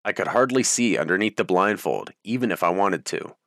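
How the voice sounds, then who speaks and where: Man, audiobook narration, steady even read, lowish voice, dry studio sound. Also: a little fast, no echo. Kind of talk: first-person memoir narration.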